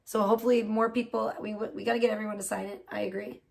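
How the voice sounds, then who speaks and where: A woman's voice: mid-range voice, quick pace, vocal fry. A woman hosting a casual livestream, reading a petition aloud and reacting with feeling. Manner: emotional and expressive, swearing at her computer. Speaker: livestream host.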